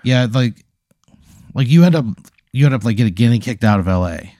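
A man improvising a deadpan, escalating comedic story, acting out quotes from the people in it. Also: mid-range voice, fairly quick, no echo, studio quality. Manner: deadpan, escalating absurd narration with acted-out quotes. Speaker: podcast host.

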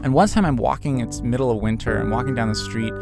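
A man's voice: medium pitch, fast, vocal fry. Casual storytelling man, faint guitar. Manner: conversational, with fillers and restarts.

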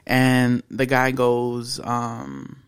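A man's voice: mid-range voice, flat delivery, extremely slow, clear, resonant tone. Young male podcast co-host with a mid-range voice, blunt and profane, casual storytelling. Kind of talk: casual chat.

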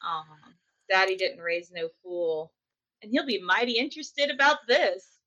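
A woman's voice: mid-range voice, animated, a little slow, sharp tone, muffled recording. A woman playing a cocky, flippant young daddy's girl in a tabletop game, speaking in a teasing drawl.

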